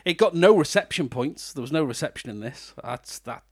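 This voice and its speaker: A man's voice: a little high, lively intonation, moderate pace, slightly rough, dry recording, studio quality. A British man hosting a podcast, chatting casually about a film and laughing often. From Britain. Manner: chatty, laughs often, breaks into mock voices. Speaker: podcast host. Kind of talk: casual film review chat.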